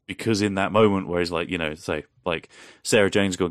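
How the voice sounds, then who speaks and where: A man with a very deep voice chats eagerly as a podcast co-host. He swears freely and jumps into quoted lines with a little voice of his own. The sound is dry and close. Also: fairly even intonation, fast talker, few pauses, no echo. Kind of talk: casual fan chat.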